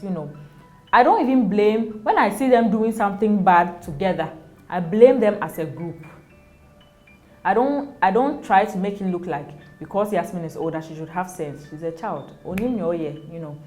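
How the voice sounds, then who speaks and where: A woman's voice: on the low side, moderate pace, darkish tone, soft background music. A young Ghanaian mother in a casual interview, speaking animatedly, often laughing and acting out quoted voices. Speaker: interview guest, mother of two.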